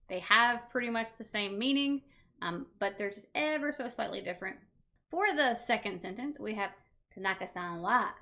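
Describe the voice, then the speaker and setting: A woman gives a casual online language lesson in a slightly high, bright voice. She speaks slowly and patiently, pausing often to ask "right?" to keep her learners with her. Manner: patient, reassuring explanations with frequent "right?" checks. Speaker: language teacher.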